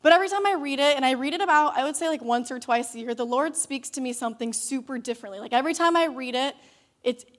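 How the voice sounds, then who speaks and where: Animated high-voiced young woman youth leader. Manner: chatty, animated storytelling with many "like"s. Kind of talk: youth sermon with personal story.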